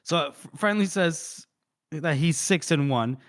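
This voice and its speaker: A man co-hosting a book podcast, retelling a chapter in an animated, casual way with swearing and laughter. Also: on the high side, measured pace. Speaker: podcast co-host. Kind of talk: casual book-discussion chat.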